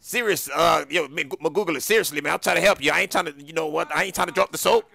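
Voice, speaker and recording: A man bantering loudly in street slang as he role-plays a boastful character during a video game. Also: a little high, quick pace, gravelly. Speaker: gamer in role-play.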